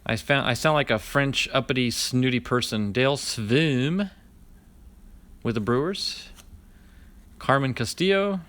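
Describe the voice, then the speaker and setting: A man with an expressive, medium-pitched, slightly bright voice speaks at a moderate pace while vlogging a card opening. He reads out each name in a chatty running list and chats with live viewers by name.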